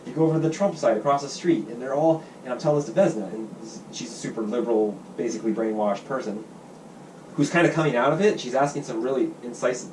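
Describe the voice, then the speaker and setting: A man hosting a podcast, telling stories quickly and crudely and acting out other people's lines. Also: medium pitch, a little mellow, a little hiss or hum. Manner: fast, profane storytelling, acts out quotes. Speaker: podcast host. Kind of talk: casual chat. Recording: echoey room, mic at a distance.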